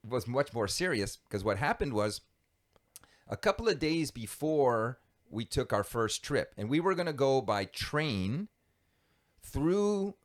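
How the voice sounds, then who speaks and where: A man telling a story from his past as a podcast guest, animated and quick to laugh. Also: mid-range voice. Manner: animated, lively storyteller who laughs easily. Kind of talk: conversational storytelling.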